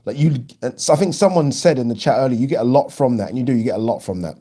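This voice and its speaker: Chatty man with a mellow voice. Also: medium pitch, quick pace, husky. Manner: chatty, animated, reads viewer comments aloud. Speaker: boxing channel host. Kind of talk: casual live-stream commentary.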